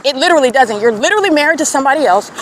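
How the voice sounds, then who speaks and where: A woman's voice: high-pitched, animated, racing, fairly bright tone. A woman podcaster delivering a scornful, accusatory monologue outdoors in an urban square. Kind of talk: confrontational monologue. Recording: clear traffic noise outdoors.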